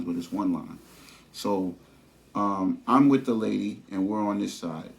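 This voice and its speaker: A man's voice: low voice, creaky, a little mellow. A man telling a story to camera in a casual, slangy vlog full of fillers. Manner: conversational, slangy, lots of fillers and "you know what I'm saying". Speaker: vlogger.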